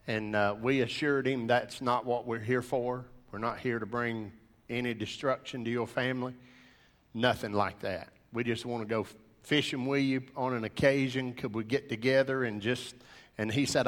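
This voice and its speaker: A man, an earnest preacher telling a personal testimony to a gathering of men in animated storytelling fashion. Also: medium pitch, moderate pace, long reverb tail.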